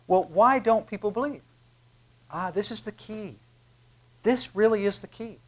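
A man preaching from the pulpit, his voice sitting a little high for a man. He builds to loud, emphatic peaks on key phrases and then drops to near-hushed asides. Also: moderate pace. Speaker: pastor. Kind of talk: sermon.

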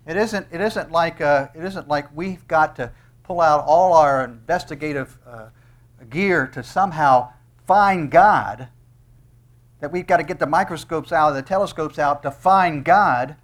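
Reading scripture aloud in an expository sermon, this middle-aged preacher hammers key phrases with emphasis and lifts his voice on quoted verses. He has a fairly high pitch and an unhurried delivery.

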